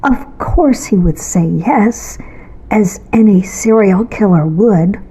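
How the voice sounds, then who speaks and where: A woman reads her own story aloud, building suspense with measured pauses. Her delivery is slow and unhurried. Her tone stays mellow and warm throughout. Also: medium pitch, expressive, breathy edge, rough recording. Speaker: author and narrator. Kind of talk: storytelling narration.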